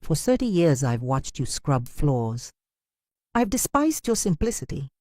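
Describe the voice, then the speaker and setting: A woman's voice: deep voice, sing-song, measured pace, mellow, no room sound, studio quality. A tearful pleading daughter, as a woman reads her. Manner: pleading, broken-voiced.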